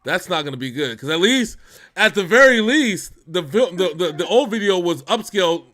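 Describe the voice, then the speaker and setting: Brief: male reaction-show host, lively pitch, slightly high, jokey banter. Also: moderate pace. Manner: animated, joking, big swings in loudness. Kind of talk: casual banter.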